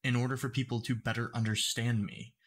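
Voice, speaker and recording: A man making commentary videos who speaks deliberately clearly and explains his points step by step. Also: medium pitch, little pitch movement, fairly bright tone. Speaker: YouTube commentator.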